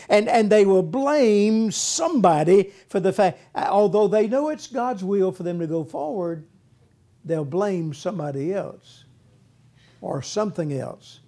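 A man's voice: high voice, animated, a little slow, warm tone. A man preaching a sermon in a folksy way, repeating words and acting out whiny voices, with a congregation answering. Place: church with congregation responding.

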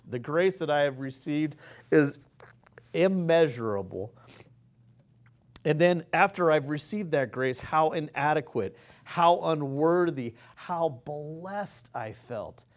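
Earnest rambling man preaching. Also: fairly high pitch. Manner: earnest, rambling, halting restarts. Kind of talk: informal sermon.

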